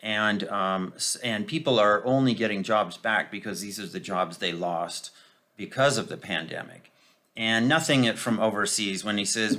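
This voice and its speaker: Sarcastic man with a bright voice. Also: on the low side. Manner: sarcastic, mocking, with frequent filler pauses. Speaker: political commentator. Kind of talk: casual opinion commentary.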